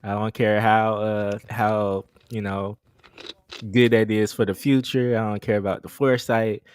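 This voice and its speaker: A man with a fairly low voice chats as a guest on a live stream. He delivers his jokes flatly and matter-of-factly. His voice is recorded close and dry, with no room echo. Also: unhurried, clear, resonant tone. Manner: dry, deadpan joking. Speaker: guest caller on a livestream. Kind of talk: casual chat.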